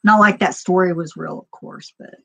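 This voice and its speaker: A woman's voice: fairly low pitch, fairly even intonation, normal speed, vocal fry, fairly bright tone, muffled recording. A woman chatting casually as a stream host, rambling and laughing often. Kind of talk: casual chat.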